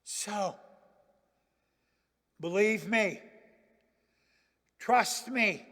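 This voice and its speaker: A male pastor preaching a sermon in a church, swinging dramatically from loud declarations to hushed near-whispers. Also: high voice, drawn-out words, in a large hall.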